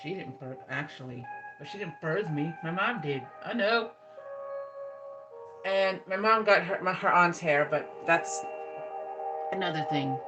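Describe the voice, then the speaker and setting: A woman's voice: on the low side, expressive, measured pace, pauses often, low-quality recording. Rambling woman telling a story over music. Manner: rambling, with many restarts and "like"s. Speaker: ASMR channel host. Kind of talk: casual storytelling. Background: background music.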